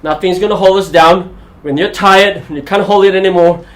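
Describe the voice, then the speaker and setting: Fairly quick, with a high-sitting voice, this man leads a live-streamed golf workout from an echoey room. Energetic throughout, he encourages viewers through the exercises while sharing golf tips.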